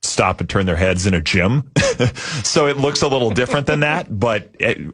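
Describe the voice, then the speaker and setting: A man appearing as a guest in a radio studio, explaining at length in a relaxed way and laughing easily. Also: mid-range voice, moderate pace, dry recording. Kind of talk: casual radio talk. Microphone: studio microphone.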